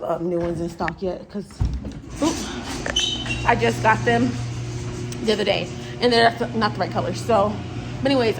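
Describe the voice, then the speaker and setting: A woman talking casually to her viewers in a relaxed, rambling vlog, narrating what she is doing as she goes. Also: mid-range voice, background noise. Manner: chatty, talks straight to viewers, relaxed and rambling. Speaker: lifestyle vlogger. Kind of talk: casual vlog chat to camera.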